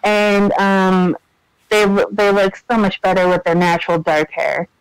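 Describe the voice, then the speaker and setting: A man's voice: high voice, a little slow, clear, resonant tone, dry recording, rough recording. A man co-hosting a podcast, telling a story in casual chat with lots of fillers and laughter. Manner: chatty, animated storyteller, many fillers and laughs. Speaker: podcast co-host.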